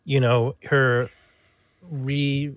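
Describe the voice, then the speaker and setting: Podcast dude thinking out loud, unsure, lots of ums, dry sound. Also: male voice, mid-range voice, level tone, extremely slow, no echo. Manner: hesitant, puzzled questions, lots of fillers. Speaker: podcast co-host. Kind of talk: casual chat.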